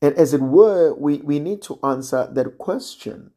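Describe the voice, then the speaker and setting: A man preaching a sermon in a slow, measured way, sometimes dropping almost to a hush for emphasis. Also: on the high side. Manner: slow and measured, drops to near-quiet emphasis.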